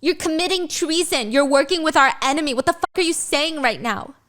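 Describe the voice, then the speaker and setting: Give me a woman playing a furious young woman rider with a sharp, raised voice. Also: high-pitched, expressive, normal speed.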